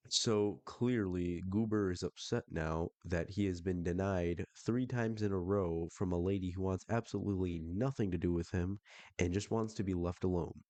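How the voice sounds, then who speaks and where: Sarcastic guy riffing on screenshots, deep voice, dry close mic. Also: normal speed, mellow, no echo. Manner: sarcastic and profane. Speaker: commentator reading texts. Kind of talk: comedic reaction commentary.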